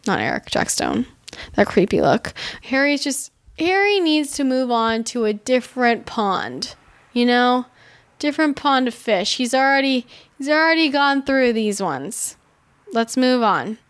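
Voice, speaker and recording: A woman casually recapping a reality show, animated and exasperated, swearing freely and saying "like" constantly. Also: sits high, a little slow. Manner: animated, swearing, heavy use of "like"; exasperated, sarcastic commentary. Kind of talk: casual chat.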